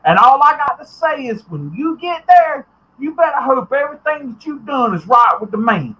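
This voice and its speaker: A man's voice: very high-pitched, big pitch swings, moderate pace, pushed and bright, rough recording. A man hosting a podcast, ranting bluntly and profanely, getting heated at times. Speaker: podcast host. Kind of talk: ranting commentary.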